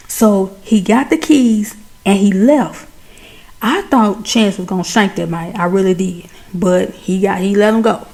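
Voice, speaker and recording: A woman retelling a movie plot in a chatty, animated way, talking straight to her viewers. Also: medium pitch, normal speed. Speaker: movie recap host. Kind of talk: casual movie recap.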